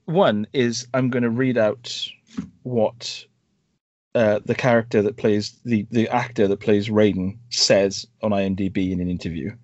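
Animated man reviewing films. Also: on the low side, a little slow, dry recording, highs cut off. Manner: animated, rambling, sarcastic asides. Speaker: podcast co-host. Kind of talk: casual film review chat.

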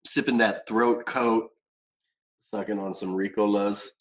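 Sick, laid-back podcast co-host, low voice. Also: male voice, fairly even intonation, measured pace. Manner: laid-back, short quips. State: sick with a sore throat. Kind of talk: casual podcast chat.

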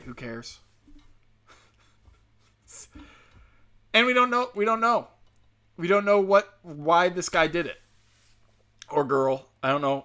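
A man's voice: medium pitch, fairly bright tone. A man delivering a heated, profane, sarcastic monologue straight to his listeners, mocking and scolding them. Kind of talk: ranting monologue.

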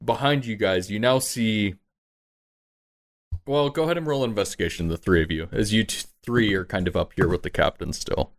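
A man narrating a tabletop game as game master, relaxed, jokey and freely swearing. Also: lowish voice, moderate pace.

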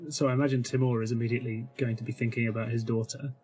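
A man's voice: medium pitch, flat delivery, very fast, darkish tone. A man playing a tabletop role-playing game, chatty, laughing easily and thinking aloud with many fillers. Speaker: player.

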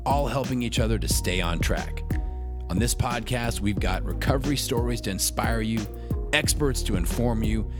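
A man with a low voice reads a scripted promo in a measured, emphatic delivery. Guitar music plays clearly underneath the voice-over. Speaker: podcast announcer.

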